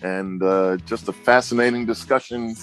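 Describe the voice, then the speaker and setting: A man who appears as a regular guest on a radio show, speaking in an easygoing, halting way with fillers. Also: fairly low pitch, steady tone, soft background music. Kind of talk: casual radio talk.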